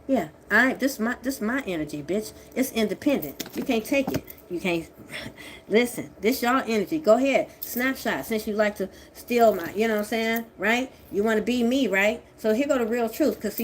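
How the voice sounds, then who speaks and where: A woman's voice: lively intonation, moderate pace, slight background noise. Profane, confrontational woman reading tarot. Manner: profane, confrontational, swings from low mutter to shouting. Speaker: tarot reader. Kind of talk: angry tarot reading monologue.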